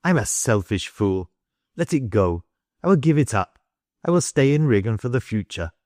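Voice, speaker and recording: A man's voice: medium pitch, sing-song, moderate pace, darkish tone, dry recording, natural voice. A man voicing a determined young engineer in an audiobook, in a firm, resolute manner close to his own voice. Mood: self-reproaching.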